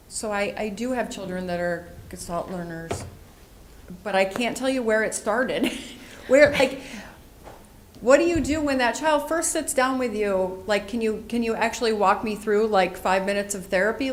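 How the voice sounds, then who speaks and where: A woman moderating a panel, asking curious questions in quick bursts. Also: a little high, lively intonation, a little hiss or hum. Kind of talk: panel discussion.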